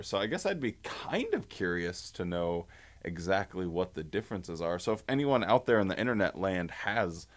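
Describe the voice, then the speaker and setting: A man hosting a casual commentary video, rambling and wondering aloud as he talks. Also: low-pitched.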